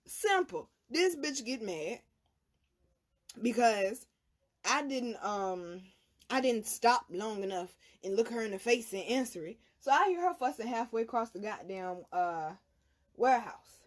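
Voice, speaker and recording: A woman telling a personal story to her viewers in a blunt, heavily profane way. Her pitch is fairly high and swings widely as she gets fired up. She talks like a casual chat with friends. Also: animated, a little slow. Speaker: tarot reader and channel host.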